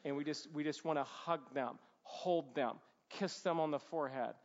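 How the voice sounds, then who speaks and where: Man, fairly high voice, earnest Christian-parenting teacher, numbered talk, muffled lo-fi audio. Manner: earnest, emphatic, quick asides. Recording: dull lo-fi sound.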